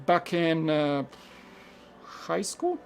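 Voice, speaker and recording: Man with a Polish accent, slightly higher voice. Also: extremely slow, creaky. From Poland. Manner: rambling, relaxed, many "like" fillers, answering chat questions. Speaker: live-stream host building a toy set. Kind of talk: casual live-stream chat while building.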